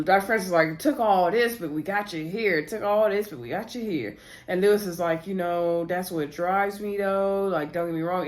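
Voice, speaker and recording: A woman casually recapping a reality TV episode, chatting to viewers as "y'all" and retelling scenes through quoted lines. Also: on the low side. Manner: retells scenes by quoting cast members.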